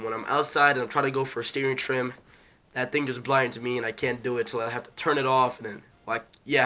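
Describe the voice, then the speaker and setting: A man's voice: mid-range voice, bright, forceful tone, slight background noise. A young man with a New York accent, sick and losing his voice, casually reviewing a hobby truck and rambling through fillers and restarts.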